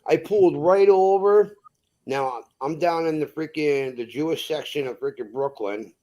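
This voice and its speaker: A man from Massachusetts, a truck driver, telling a profane, animated story in casual chat and acting out what people said. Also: a little high, moderate pace.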